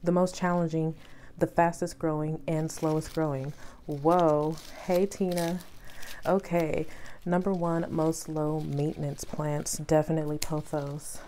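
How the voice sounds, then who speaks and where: A woman vlogging casually about her plants and her rescue dog, chatty and emotional, sometimes stretching her words out slowly. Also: low-pitched, little pitch movement, dark tone, a little hiss or hum. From Texas. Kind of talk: casual chat to camera.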